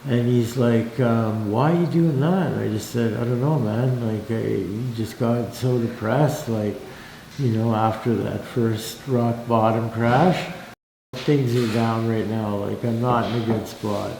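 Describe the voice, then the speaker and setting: Halting man with a gravelly voice. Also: medium pitch, steady tone, a little mellow. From Canada. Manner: halting, many fillers and restarts, quotes others in a livelier voice. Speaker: interviewee telling his life story. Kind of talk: casual recounting of personal story. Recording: echoey room with faint noise.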